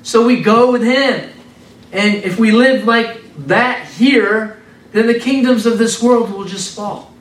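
A man preaching an informal, animated sermon in a conversational way, repeating words for emphasis. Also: very high-pitched, slow, far from the mic. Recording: roomy sound from off the mic.

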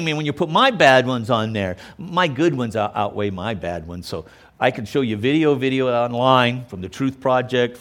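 A man's voice: medium pitch, fairly bright tone. A male pastor preaching a sermon in an emphatic, conversational way. He often stops to check in with the listeners.

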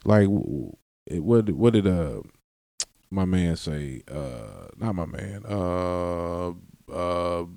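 A man's voice: sits low, lively intonation, slow, vocal fry, mellow, no room sound. A man hosting a solo podcast, long-winded and rambling, often breaking off his sentences and laughing as he goes. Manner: long-winded, self-interrupting, laughs and curses. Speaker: podcast host.

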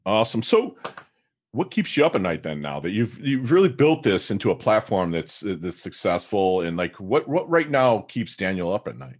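Lively low-voiced male host. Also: normal speed. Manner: affirming, eager interjections. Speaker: podcast host. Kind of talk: casual interview.

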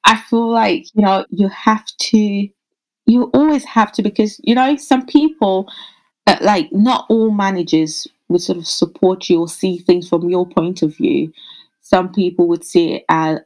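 A woman midwife answering interview questions in an earnest, thoughtful way, often pausing over her words with fillers. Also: mid-range voice, rough recording. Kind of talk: interview answers, casual conversation.

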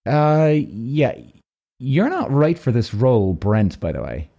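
A stern male casting assistant, flat and suspicious, questioning slowly, as the storyteller puts him on. The voice stays low and mellow, and it sounds a little distant from the mic. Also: creaky, exaggerated voice.

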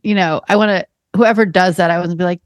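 A woman hosting a podcast in casual chat. She asks eager questions and chimes in with quick agreements. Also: fairly low pitch, fairly even intonation, no echo. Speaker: podcast host.

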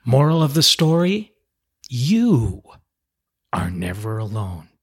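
A middle-aged man hosts a motivational podcast, urging listeners with an earnest, emphatic coaching delivery. His voice is husky with a slightly breathy edge, and it sits at an ordinary mid pitch. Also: very animated, slow. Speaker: podcast host. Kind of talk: motivational talk.

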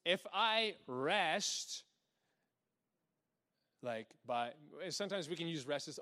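A young male preacher with a slightly high voice gives an energetic, conversational sermon. He laughs often and acts out little quotes in a hushed, lower voice. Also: a little slow, long pauses. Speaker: pastor.

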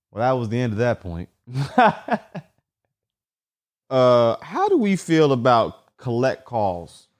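A man's voice: medium pitch, wildly swooping pitch, very slow, long pauses. A man hosting a solo podcast, telling profane comedic stories with lots of filler and repetition. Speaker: podcast host.

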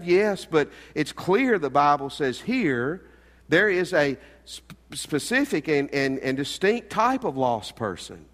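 A middle-aged pastor preaching in a church with a long, ringing reverb. His voice sits a little high for a man, and he moves from loud, pressing points to soft, hushed asides. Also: very animated, slow. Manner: earnest, swings between loud emphasis and quiet asides. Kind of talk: sermon. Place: church sanctuary.

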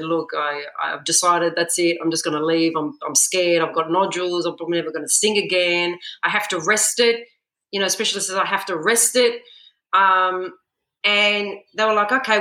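Guest: woman singer, dramatic storyteller, bright voice, roomy echo. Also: lowish voice, fairly quick. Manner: animated storyteller, acts out her own panic in quotes. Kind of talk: podcast interview. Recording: echoey room.

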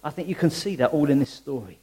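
A man preaching a conversational sermon in a church, full of rhetorical questions and quick restarts. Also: fairly high pitch, dark tone, slightly rough.

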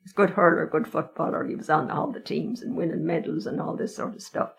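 A woman's voice: low-pitched, quick pace, vocal fry. An older Irish woman telling stories of her family's past in a frank, wry, conversational way. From Ireland. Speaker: interviewee. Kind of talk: reminiscing storytelling.

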